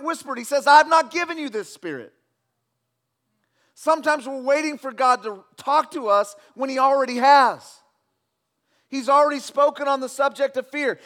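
A man's voice: very high-pitched, pushed and bright. A middle-aged male pastor preaching a sermon, earnest and repetitive, building to emphatic declarations.

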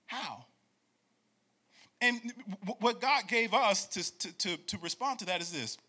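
Bright, high-voiced preaching man. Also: unhurried, breathy edge. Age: 40s. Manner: animated, repeats words, swings into sing-song preaching; calls for congregation responses. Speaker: pastor. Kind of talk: conversational sermon.

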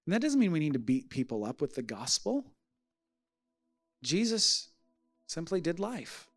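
A man preaching a sermon as pastor, telling a story with lively acted-out voices. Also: on the high side, a little slow, faint music behind. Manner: animated storytelling, acting out voices.

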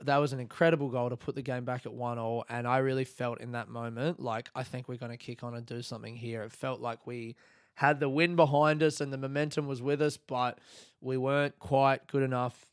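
An Australian man hosts a casual solo podcast, telling stories in an animated way, swearing a lot and getting worked up as he talks. His medium-pitched voice is brisk with a clean tone, recorded at studio quality with no echo.

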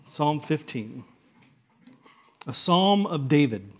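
A man's voice: a little high, normal speed. A male pastor preaching a sermon to a church congregation, conversational and then building to emphatic points.

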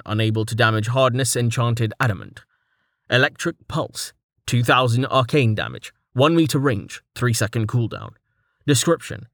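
A man narrating a fantasy webnovel audiobook in a steady, even reading voice. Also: medium pitch, no echo, studio quality. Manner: steady, even reading, stat lists read out plainly.

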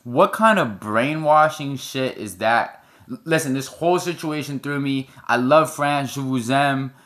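A man's voice: mid-range voice, unhurried, a bit bright. A man giving blunt, profane opinion commentary to camera. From United States. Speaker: online commentator.

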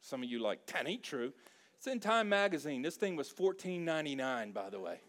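A man's voice: fairly high pitch, a little fast. A middle-aged man from South Louisiana, preaching a sermon and telling stories with humor and lots of feeling. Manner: animated, emotional storytelling with humor. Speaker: pastor.

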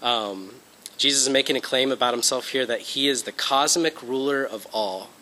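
Bright-voiced man teaching a Bible lesson. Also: medium pitch, moderate pace, low-quality recording. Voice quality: conversational, frequent fillers and check-ins. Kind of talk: informal lecture presentation.

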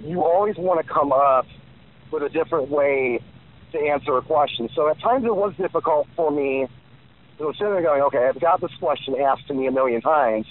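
Man talking over a tinny phone line. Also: mid-range voice. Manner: rambling, many fillers and restarts. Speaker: guest. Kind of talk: casual interview answers.

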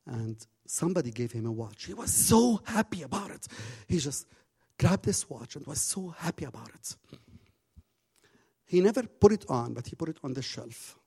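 A man preaching a sermon and telling a story with passion, swinging from hushed tones to loud bursts, his English phrasing slightly broken. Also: on the high side, sing-song, moderate pace, creaky, slightly rough.

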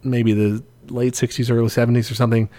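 A man's voice: mid-range voice, level tone, fast, dark tone. A man co-hosting a podcast, chatting casually, sarcastic and profane, often laughing. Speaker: podcast co-host. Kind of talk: casual chat.

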